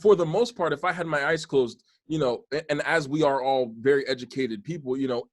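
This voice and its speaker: A man's voice: mid-range voice, brisk, no echo. Earnest man hosting a podcast, dry sound. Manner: earnest, rambling, many restarts. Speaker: podcast host. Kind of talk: casual podcast conversation.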